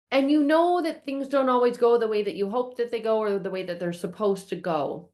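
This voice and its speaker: Expressive woman telling a self-help story. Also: on the high side, fairly quick, few pauses. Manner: expressive storyteller, acts out her frustration in quoted outbursts; repeats phrases in rhythmic lists. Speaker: self-help video host. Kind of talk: casual self-help vlog talk.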